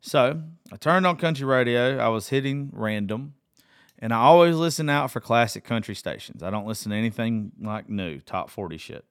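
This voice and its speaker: A man's voice: mid-range voice, lively intonation, normal speed, clear, resonant tone, dry recording, studio quality. A middle-aged man, telling a personal story in a casual, rambling way, swearing freely and open about his feelings. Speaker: vlogger.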